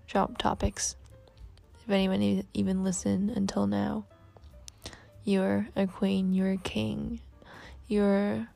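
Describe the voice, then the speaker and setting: A teenage girl with an Australian accent, rambling in a casual solo podcast, soft-spoken and self-deprecating, thinking aloud. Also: medium pitch, vocal fry. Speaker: podcast host.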